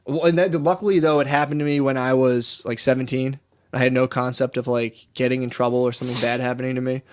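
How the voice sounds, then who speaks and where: A man's voice: medium pitch, steady tone, quick pace. A young man from Texas, a podcast co-host telling a wild story in rambling, profane casual talk and acting out the quotes.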